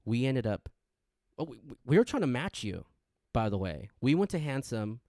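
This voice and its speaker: Animated young man spinning a story. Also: moderate pace, no room sound, clean studio sound. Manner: animated, acts out quotes with big pitch jumps; frequent restarts and stammers. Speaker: podcast co-host. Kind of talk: casual storytelling chat.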